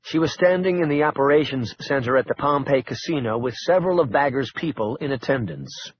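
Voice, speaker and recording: A man narrating an audiobook in a steady, even storytelling voice, on a muffled lo-fi recording. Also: medium pitch, brisk, slightly rough, dry recording.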